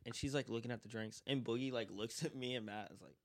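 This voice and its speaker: Young man, casual profane storyteller, mid-pitched, mimics coworkers while laughing, hanging out with friends. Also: very fast, hardly any pauses, fairly bright tone. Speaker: former restaurant worker.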